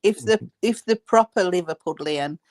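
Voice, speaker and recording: A woman's voice: on the low side, moderate pace, a little mellow. A woman, joining a casual livestream chat, blunt and dry, laughing easily. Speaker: co-host guest.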